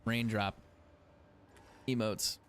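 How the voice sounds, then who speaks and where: A man's voice: on the low side, flat delivery, extremely slow, smooth. A young man chatting casually as a game streamer, swearing freely and laughing often. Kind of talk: casual gaming stream commentary.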